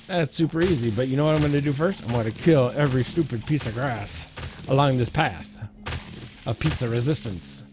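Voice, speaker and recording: A man gives casual, playful gameplay commentary, chanting counts and making goofy, self-mocking jokes at his own expense. His mid-range voice is brisk against a noisy background.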